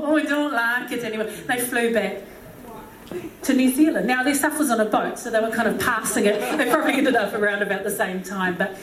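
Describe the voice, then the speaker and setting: A woman's voice: medium pitch, slight background noise. A woman preaching a humorous sermon, chatty and joking with many asides, recorded from a distant mic in an echoey hall.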